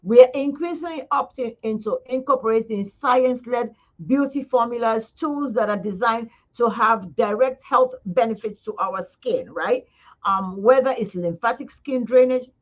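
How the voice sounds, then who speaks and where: In a skincare studio, an esthetician with a fairly high voice demonstrates face massage live at a moderate pace. She's chatty and coaxing, speaking directly to viewers, and the recording has a slightly dull lo-fi quality.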